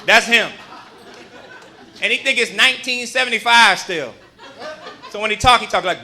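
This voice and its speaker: A male stand-up comedian doing a live set in a comedy club, telling stories in an animated, punchy way on a handheld mic. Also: very high-pitched, fairly quick, pauses often, a faint crowd, slight background noise.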